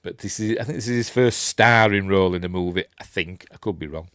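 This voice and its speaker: Rambling Yorkshire man, low and dry. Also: fast talker, a bit bright, no echo. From Yorkshire, England. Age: older. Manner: rambling, self-deprecating, filler-heavy. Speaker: channel host. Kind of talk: casual live-stream movie chat.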